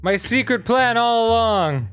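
A man's voice: very high voice, animated, measured pace, fairly bright tone, clean tone, faint music behind. A laid-back man co-hosting a gaming show, teasing his partner and chuckling often. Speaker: co-host. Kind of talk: casual gaming banter.

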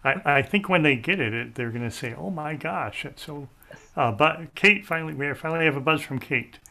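A male host chats in a relaxed, easygoing way, laughing along and keeping track of points. His voice is gravelly with plenty of fry, and bright and forceful in tone. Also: a little high, brisk. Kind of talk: casual talk show chat.

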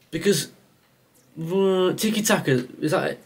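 A man's voice: medium pitch, moderate pace, husky. A man giving live commentary over his own football video game match, reacting and complaining as he plays. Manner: reactive, exasperated, talks to the game. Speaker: gaming YouTuber.

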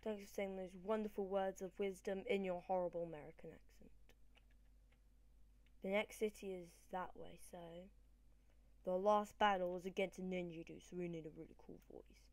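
A woman giving rambling, excitable let's-play commentary, swinging between loud cheers and quiet mumbles into a desk microphone. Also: on the low side, moderate pace, no echo. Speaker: gamer.

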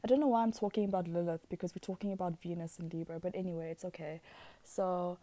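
A woman's voice: fairly low pitch, fairly even intonation, fast, mellow. A woman giving a casual, rambling astrology talk, giggly and chatty, who swears freely and slips into whispered asides. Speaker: astrology vlogger.

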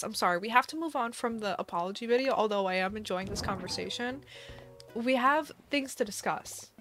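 A young woman chats casually on a live stream, rambling and laughing as she talks. Her voice sits at an ordinary middle pitch, and her delivery is loose and playful with plenty of filler words. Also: a bit bright. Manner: giggly, chatty, lots of "like" fillers.

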